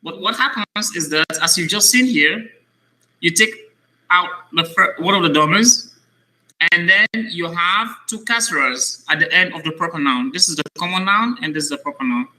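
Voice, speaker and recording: A man teaching an Arabic lesson to a child, patient and slow, repeating each word to drill it. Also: sits high, pushed and bright, rough recording. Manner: patient, repeats words slowly to drill them. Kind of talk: one-on-one language lesson for a child.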